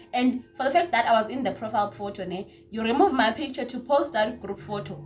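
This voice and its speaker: A young woman telling a casual story-time tale, chatty and repetitive, with hushed asides. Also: a little high, brisk, few pauses, faint music behind. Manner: chatty, repeats words, drops into hushed asides. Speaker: vlogger.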